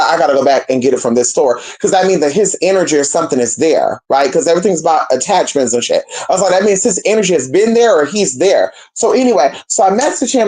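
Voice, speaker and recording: Young woman, spiritual practitioner, casual profane storytelling, very expressive pitch. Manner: animated, profane, addresses viewers as y'all and girl.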